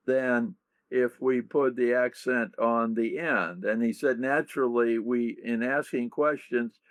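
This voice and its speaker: A man talks slowly and reflectively as an interview guest, his voice gravelly and worn. The recording is dry with no room sound. He sometimes acts out example questions. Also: mid-range voice, dry recording. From United States. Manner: slow, gravelly, thoughtful, acts out quoted questions. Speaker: guest leadership author.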